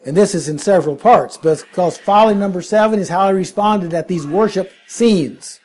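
A man's voice: high-pitched, moderate pace, darkish tone. A man preaching a sermon, emphatic and full of rhetorical questions.

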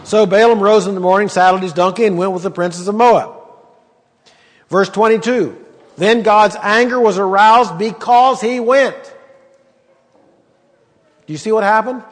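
A man's voice: sits high, moderate pace, long pauses, long reverb tail. A man preaching a sermon and teaching from the Bible, talking conversationally and emphatically with rhetorical questions.

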